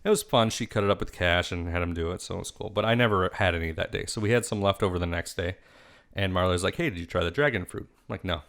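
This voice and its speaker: A man co-hosting a podcast, telling stories in casual chat with a dry, deadpan humor. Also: low voice, fast talker, vocal fry. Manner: dry storyteller, deadpan jokes. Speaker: podcast co-host.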